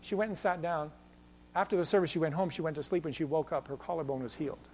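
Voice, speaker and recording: A male pastor preaching a sermon, swinging between loud exhortation and quiet storytelling. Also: fairly high pitch, fast, slight background noise.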